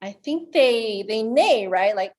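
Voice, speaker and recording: A woman's voice: a little high, lively intonation, takes it slowly. A woman leading a children's storytime, reading aloud and playfully making animal sounds with the kids. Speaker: children's librarian.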